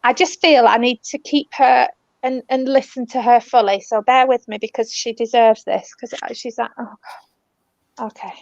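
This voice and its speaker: A British spiritual medium gives a live online reading in a gentle, soothing voice of medium, slightly high pitch, calling people "love" and "darling." Her tone is steady and a bit gravelly at a normal speed. The lo-fi audio is muffled, dull and dry, with no echo.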